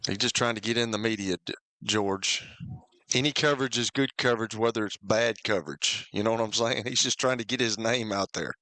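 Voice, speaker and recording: A man's voice: fairly low pitch, fairly quick, sharp tone, no echo. A man in his fifties, co-hosting a sports talk radio show in easygoing banter. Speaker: radio co-host.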